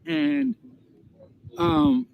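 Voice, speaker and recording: A man's voice: very high-pitched, fairly even intonation, very slow, vocal fry, phone-quality sound. A man telling a story casually, heated and profane, often repeating himself. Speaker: storyteller recounting a dispute. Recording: loud background noise.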